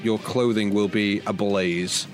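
A man's voice: on the low side, fairly even intonation, slow, soft background music. A man running a tabletop role-playing game as dungeon master, narrating the action in an upbeat, jokey way.

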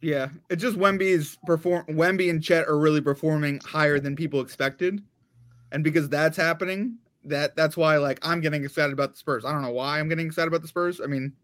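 A man co-hosting a podcast in casual sports chat, animated and hedging, full of questions. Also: a little high, fairly quick. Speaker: podcast co-host.

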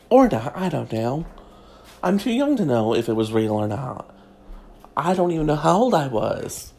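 Comedic host: woman, drawl, sassy mock-prim delivery, slow and mellow, faint background noise. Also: low-pitched. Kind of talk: comedic gossip monologue.

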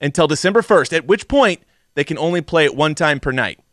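A man's voice: a little high, lively intonation, brisk, fairly bright tone, no room sound, studio quality. A man hosting a casual movie review podcast, bantering and swearing as he jokes with his co-host.

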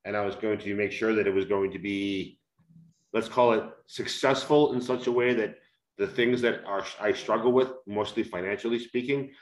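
A man with a lowish voice speaks slowly and enunciates each word with care. He talks as an author being interviewed and reads passages from his book. The room around him rings with a noticeable echo. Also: steady tone. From United States. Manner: slow, carefully enunciated delivery to be easily understood. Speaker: author and guest. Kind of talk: conversational interview, reading aloud from his book.

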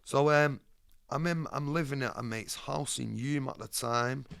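Male guest, rough gravelly tone, frank street talk with swearing. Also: mid-range voice, unhurried, a bit bright. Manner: blunt, streetwise, swearing freely. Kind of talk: candid storytelling interview.

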